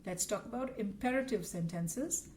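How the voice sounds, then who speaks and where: A woman's voice: mid-range voice, normal speed, darkish tone, slight background noise. A woman teaching a recorded grammar lesson, explaining patiently and reading out example sentences.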